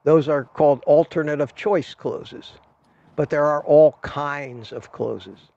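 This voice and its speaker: Speaking slowly in a fairly high, creaky voice with a darkish tone, an older man hosts a laid-back livestream. He talks to viewers in a rambling, chatty style full of salesman's patter, over dull lo-fi audio.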